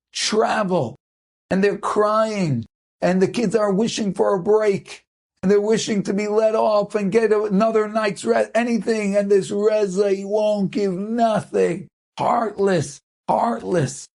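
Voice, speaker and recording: A man's voice: high-pitched, vocal fry. A man, a rabbi, telling an inspirational story as a sermon in a dramatic, impassioned way. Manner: dramatic, rising to impassioned shouts.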